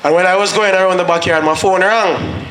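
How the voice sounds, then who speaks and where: A man's voice: sits high, fairly even intonation, a little fast, fairly bright tone. Jamaican man speaking in an echoey hall. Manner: earnest storytelling, slips into patois when quoting himself. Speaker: guest speaker at a graduation. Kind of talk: motivational speech. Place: school graduation ceremony. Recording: echoey hall with faint noise.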